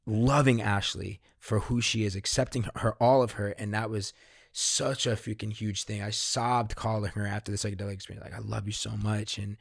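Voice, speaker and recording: A man, a podcast guest, candidly recounting a personal experience in casual, profanity-laced talk that grows animated when he quotes himself. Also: lowish voice, a little fast, no room sound, clean studio sound. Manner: swears freely, animated when quoting himself. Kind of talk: candid conversational storytelling.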